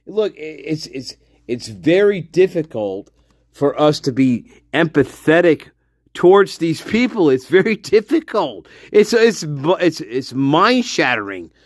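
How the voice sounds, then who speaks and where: A man with a high voice talks slowly and bluntly, swearing freely and laughing as he goes. His heated commentary sounds close and dry, with no room around it. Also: a little mellow, dry recording. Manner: profane, blunt, laughing often. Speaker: livestream host.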